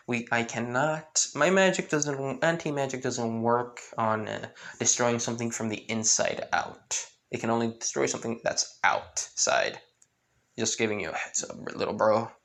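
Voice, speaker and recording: Guy doing a chill devil dude, creaky and slow, calls you little bro. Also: medium pitch, fairly bright tone. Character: laid-back male devil sharing a boy's body.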